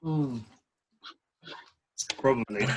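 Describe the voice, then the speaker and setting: A man's voice: medium pitch, extremely slow, a little mellow. A man co-hosting a podcast, chiming in with short, dry quips. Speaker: podcast co-host. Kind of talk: casual chat.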